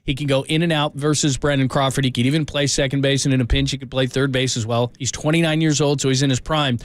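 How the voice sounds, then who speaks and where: A man's voice: mid-range voice, fairly even intonation, quick pace, dry recording. A man hosting a sports radio show, arguing his point insistently and repeating himself as he talks. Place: radio studio.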